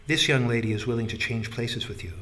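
A man voicing a polite Italian flight attendant who speaks softly, in an audiobook reading. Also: medium pitch, quick pace, close to an everyday voice. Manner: soft, obliging. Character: Italian stewardess, soft and polite.

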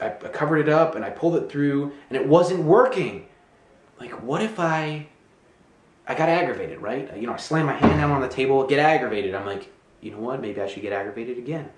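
A man telling a casual, rambling story as he shows a money magic trick, acting out his own thoughts. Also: fairly high pitch. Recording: echoey room.

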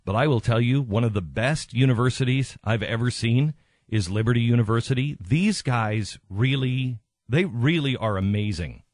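Radio host guy, fired up and insistent, says stuff twice to hammer it, mid-pitched, dead dry studio. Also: moderate pace, darkish tone, no room sound. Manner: emphatic, impassioned, repeats himself for stress. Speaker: radio talk show host. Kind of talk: talk radio commentary.

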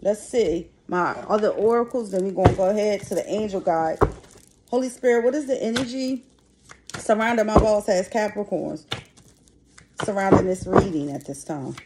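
A woman's voice: mid-range voice, normal speed. A middle-aged woman giving a casual tarot reading to her viewers, talking bluntly and chattily and swearing freely. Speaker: tarot reader. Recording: noisy background.

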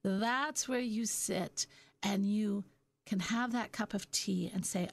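A middle-aged woman hosting a reflective self-help talk, musing gently and slowing down on her key points. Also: mid-range voice, vocal fry. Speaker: podcast host.

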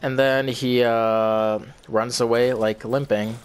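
A man's voice: medium pitch, little pitch movement, slow pace, smooth. A young man telling a story in a casual, rambling way, swearing often and repeating himself. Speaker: vlogger.

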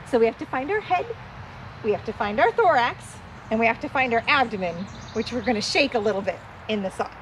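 A young woman educator explains things to children, high and expressive, her voice rising and falling as she teaches. Faint outdoor noise sits in the background. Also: brisk. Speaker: nature educator.

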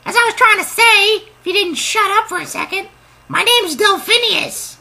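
Shrill, bright, rambling cartoonish male dolphin for a game. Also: moderate pace, gravelly, exaggerated voice. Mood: chatty. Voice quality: squeaky, birdlike. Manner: rambling, excitable. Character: chatty, hasty male dolphin.

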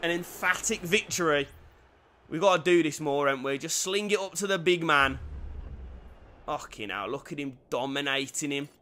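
A young man giving lively commentary over a football video game, dropping to quiet play-by-play and bursting into shouted cheers. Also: a little high, normal speed. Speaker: gaming YouTuber.

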